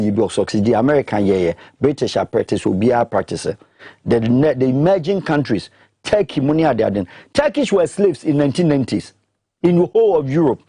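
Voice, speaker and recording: A man with a Ghanaian accent, speaking emphatically in an animated discussion that mixes English and Twi, pressing his points with repeated questions. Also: medium pitch, husky, dry recording, studio quality.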